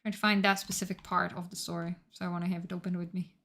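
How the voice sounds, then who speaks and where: A woman streamer chatting casually on a live stream, excitable and profane, rambling while she searches her notes. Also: lowish voice, fast, background noise.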